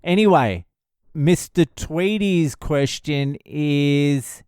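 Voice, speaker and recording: Man, comedian podcast host, profane comic storytelling, blunt, laughs at own jokes, smooth resonant voice, dry close recording. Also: fairly high pitch, extremely slow, darkish tone, no room sound. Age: adult father of a young child.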